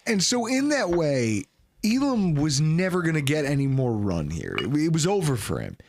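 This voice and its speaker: A man's voice: on the high side, wildly swooping pitch, moderate pace, slight background noise. A man hosting a sports podcast in a studio, ranting sarcastically. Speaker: podcast host.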